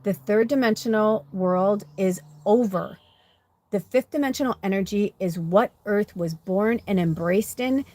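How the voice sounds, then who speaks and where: A woman speaking as a spiritual medium in a frank, unfiltered monologue. She is casual and profane, full of fillers, and hammers points home by repeating herself. Her pitch sits in an ordinary middle range. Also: a little mellow. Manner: blunt and profane, with frequent "like" and "you know"; emphatic, repeating phrases for effect. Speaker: spiritual medium and card reader. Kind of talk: candid personal monologue during a card reading.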